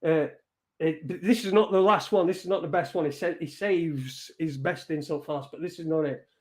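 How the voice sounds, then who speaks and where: A man's voice: a little high, normal speed. A man hosting an online show, swearing and mocking as he reads out messages. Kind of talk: casual live-stream rant.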